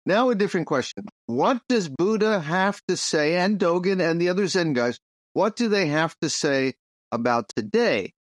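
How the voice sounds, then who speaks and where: A man, hosting a casual podcast and teaching Zen in an animated, jokey way. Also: sits high, normal speed, no room sound, clean studio sound.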